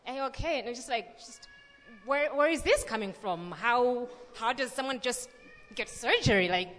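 A young woman reading scripture and then telling a lively personal story with many fillers at a church gathering. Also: a little high, moderate pace. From Malawi. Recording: long reverb of a large hall.

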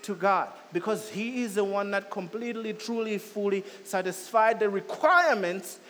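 A male pastor delivers a sermon in a notably high voice, hammering home repeated phrases. He swells to loud, urgent peaks and then drops back to a softer, lower delivery. The sound carries a long reverb tail, as in a large hall. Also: normal speed, slight background noise.

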